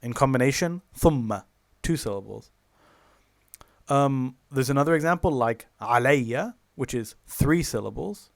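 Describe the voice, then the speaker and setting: A man teaching a recorded online lesson, explaining step by step with many fillers and self-corrections and slowing down for drawn-out example words. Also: mid-range voice, lively intonation, gravelly, no echo, studio quality.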